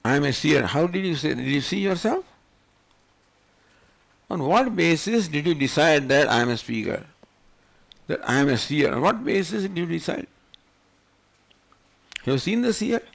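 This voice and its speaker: An older man lectures on scripture in a gravelly voice. His pitch rises and falls with lively swings as he puts one rhetorical question after another to his listeners. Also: normal speed, pauses often. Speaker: swami teaching scripture.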